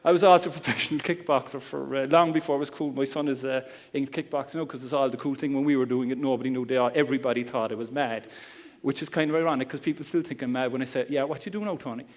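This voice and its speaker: A man's voice: medium pitch, steady tone, quick pace. A middle-aged man with a Cork Irish accent giving a chatty, joking seminar talk. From Ireland. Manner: chatty, joking, blunt slang. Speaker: seminar speaker. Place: seminar hall. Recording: long hall reverb.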